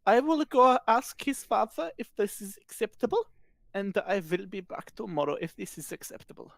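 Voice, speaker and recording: A prim, overly courteous posh young lady who stammers and fusses, with a very lively, swooping lilt , as a tabletop player puts her on. The sound is dry and close. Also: mid-range voice, moderate pace, gravelly, no room sound.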